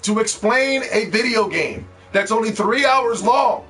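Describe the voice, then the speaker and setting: A man streaming live, ranting loudly and mockingly at a game review, with plenty of profanity. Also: high voice, animated, unhurried, recorded from a distance, soft background music. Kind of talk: live-stream reaction rant.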